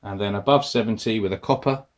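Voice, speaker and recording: Low-voiced man explaining detector settings. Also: quick pace, loud music behind the voice. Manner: relaxed, explains step by step while pressing buttons. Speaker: metal detecting tutorial host. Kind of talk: casual instructional walkthrough.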